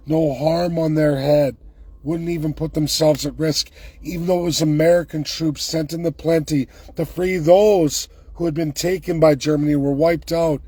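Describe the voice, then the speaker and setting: Husky man delivering an angry rant. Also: on the high side, darkish tone, dry recording. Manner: heated, emphatic, sarcastic. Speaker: political commentator.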